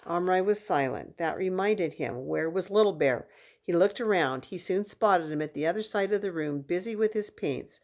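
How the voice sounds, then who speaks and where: Expressive children's book reader, woman, lower-pitched voice. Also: normal speed. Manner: expressive storytelling. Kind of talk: reading a children's novel aloud.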